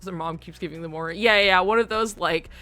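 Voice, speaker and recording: A woman's voice: on the low side, brisk, pushed and bright, faint music behind. A young woman streamer chatting casually while she plays, rambling with lots of fillers and frequent giggles. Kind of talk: casual chat while gaming.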